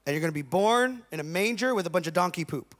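A man's voice: high-pitched, expressive, fast, a bit bright. A man voicing God the Father as a breezy, matter-of-fact planner in a comic sermon bit. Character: breezy male God the Father laying out plans.

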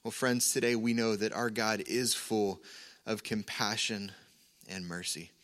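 A man preaching a sermon as pastor, earnest and measured, with an occasional filler. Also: fairly low pitch, fairly even intonation, a bit bright.

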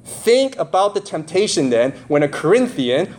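A man's voice: on the high side, big pitch swings, moderate pace, darkish tone. A man with nasal congestion preaching a sermon in a conversational way, often checking in with his listeners. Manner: conversational, asks the audience questions. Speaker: pastor.

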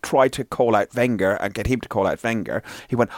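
A man co-hosting a casual football podcast, rambling with halting restarts and casual swearing. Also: on the low side, no room sound, studio quality. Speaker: podcast co-host.

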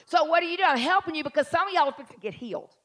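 A middle-aged woman preaching a lively sermon, dropping into hushed asides and rising to shouted declarations. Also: very fast. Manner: acts out doubting voices in a low mutter. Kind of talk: live sermon.

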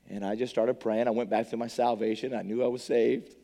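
A middle-aged man preaching a testimony sermon, an animated storyteller who stammers and repeats words. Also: mid-range voice, fairly quick, creaky. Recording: long reverb of a large hall.

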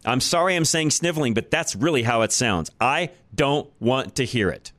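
A man's voice: mid-range voice, animated, moderate pace, fairly bright tone, no room sound. A man hosting a talk radio show, delivering a blunt, opinionated monologue and repeating his points for emphasis. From United States. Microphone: studio microphone.

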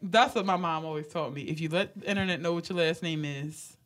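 A woman in her late twenties co-hosting a podcast in casual chat, animated, laughing often and swearing freely. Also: fairly low pitch, a little fast. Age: late 20s. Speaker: podcast co-host.

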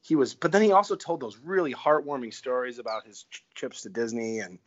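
A man's voice: medium pitch, lively intonation, a little fast. A male podcast host chatting casually and laughing, rambling with enthusiasm. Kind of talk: casual chat. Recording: dull lo-fi recording.

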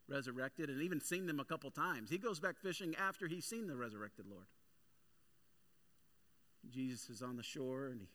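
A male pastor preaching a sermon with energetic, animated storytelling. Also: mid-range voice.

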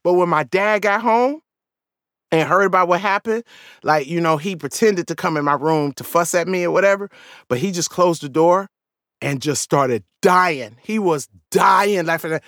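Animated, laughing woman in her fifties. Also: lowish voice, moderate pace, no echo, studio quality. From Southern United States. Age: 50s. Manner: animated storytelling, frequent laughs, profane. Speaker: author reading her memoir. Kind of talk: comic memoir audiobook narration.

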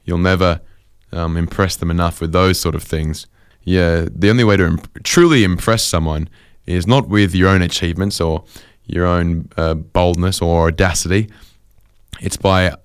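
A young man with a deep, smooth, resonant voice tells a rambling comic story. He keeps correcting himself and goes off on animated tangents. The sound is close and dry, with no room around it. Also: no room sound.

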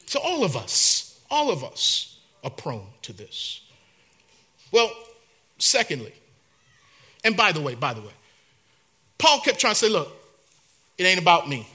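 Male pastor preaching in church, lively sweeping delivery, hushed to loud. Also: high voice, a little slow, pauses often, breathy edge. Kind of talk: sermon.

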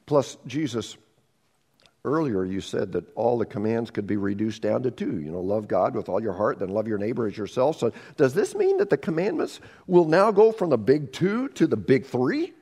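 Animated man preaching a sermon. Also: mid-range voice, moderate pace, breathy edge, big-room sound. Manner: animated, acts out dialogue, swings between loud and hushed. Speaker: pastor.

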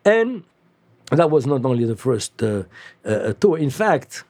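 A man from France, a musician telling stories in an interview, halting with many fillers and restarts. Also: mid-range voice, sing-song, darkish tone, no room sound. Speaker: musician guest. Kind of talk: casual storytelling interview.

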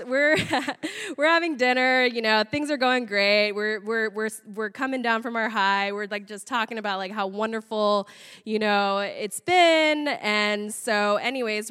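A young woman with a somewhat high voice tells a funny story from her own life, animated and quick to laugh. She swears freely as she talks. Her voice carries a long, hall-like reverb. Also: clean tone. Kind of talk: comic storytelling.

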